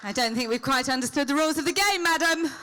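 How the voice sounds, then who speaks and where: A woman with a high voice teases a live convention crowd in quick comic banter. Her tone is bright and forceful, and she speaks into a handheld microphone from the stage. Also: slight background noise. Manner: teasing, playful comic patter. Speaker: celebrity convention guest.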